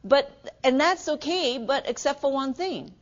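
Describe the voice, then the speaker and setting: A middle-aged woman lectures a class in a conversational way, her voice a little high. She checks in with the room often with a quick "okay?" The recording sounds dull and lo-fi. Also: expressive. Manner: conversational, asks the class questions, many "okay"s. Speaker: nursing instructor.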